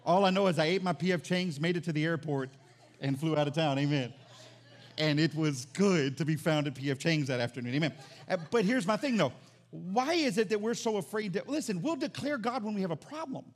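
High-voiced animated preaching man. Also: brisk. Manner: animated, swings from loud exclamations to quiet emphasis. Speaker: pastor. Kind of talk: sermon.

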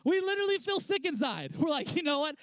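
A young man, a pastor, preaching a conversational sermon with many restarts, dropping into a lower, quieter voice for quoted lines. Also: sing-song, fast talker, dry recording. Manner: conversational, lots of restarts and "let's be honest" asides.

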